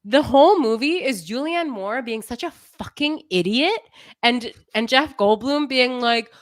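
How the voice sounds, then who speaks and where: Lively young woman podcaster, very expressive. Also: a little high, a little slow, no echo, studio quality. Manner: animated, laughing, mock-exasperated. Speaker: podcast co-host. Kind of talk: casual chat.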